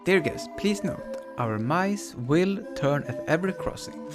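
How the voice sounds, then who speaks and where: A streamer voicing a mock-formal ride announcer addressing guests, with game music behind. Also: male voice, fairly high pitch, animated, a little slow, pitched above the performer's own voice. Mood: chipper.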